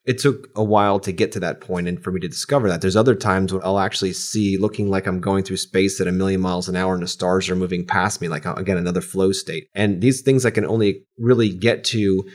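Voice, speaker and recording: Man, podcast host, very low voice, calm, reflective. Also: a little fast, few pauses. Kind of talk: casual podcast chat.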